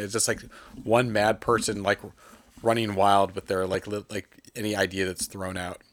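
A man with a fairly low voice, chatting loosely about films as a podcast co-host. He rambles and gets animated, slipping into quick acted voices. The sound is close and dry, with no room around it. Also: dry recording. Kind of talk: casual film chat.

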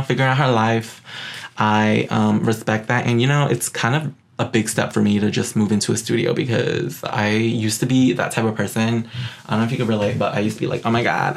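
A young man from Queens, New York, hosting a podcast in sassy, animated casual chat. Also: on the low side, gravelly. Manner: sassy, animated, says "girl" a lot. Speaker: podcast host.

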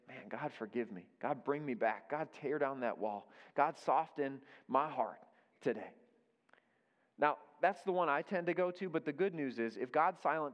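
A man's voice: on the high side, clear, resonant tone. A man in his thirties preaching a sermon, telling a family story in a conversational way and repeating key phrases for emphasis. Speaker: pastor. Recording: dull sound with long hall reverb.

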